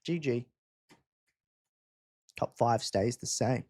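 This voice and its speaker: A man's voice: a little high, big pitch swings, slow, long pauses, no room sound, clean studio sound. A man hosting a live race-watch quiz stream, teasing viewers in casual chat.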